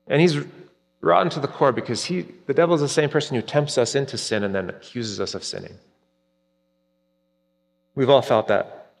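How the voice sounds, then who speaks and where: A man preaching a sermon earnestly, rising for emphasis and dropping soft at key points. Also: on the low side, vocal fry. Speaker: pastor. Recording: long reverb, hall-like.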